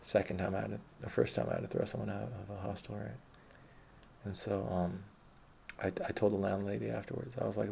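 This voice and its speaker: Gravelly low-voiced man rambling a story. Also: level tone, fast talker, warm tone, a little hiss or hum. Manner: rambling, profane, self-correcting. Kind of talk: casual autobiographical storytelling.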